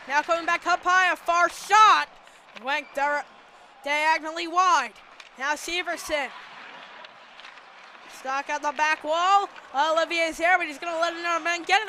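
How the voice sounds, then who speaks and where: Young male hockey play-by-play caller, very bright tone, light noise behind. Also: extremely high pitch. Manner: rapid running call, rising to excited shouts on big saves. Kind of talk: live play-by-play commentary.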